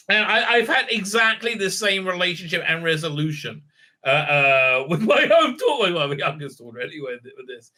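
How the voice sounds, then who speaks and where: A middle-aged man talks through a TV episode in loose, rambling sentences, swearing freely and checking in with "right?". His voice sits a little high and comes across bright and forceful. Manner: rambling, profane, keeps asking "right?". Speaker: TV show reviewer. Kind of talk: casual spoken recap.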